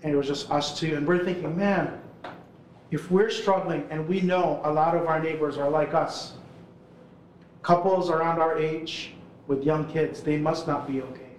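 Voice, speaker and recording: Man, 40s, chatty event storyteller, high voice, echoey hall. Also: fairly even intonation, moderate pace, slight background noise. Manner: casual, chatty storytelling full of "like" and "right?". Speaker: urban ministry worker speaking at an event. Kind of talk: live storytelling talk. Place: hall with a live audience. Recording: roomy hall sound.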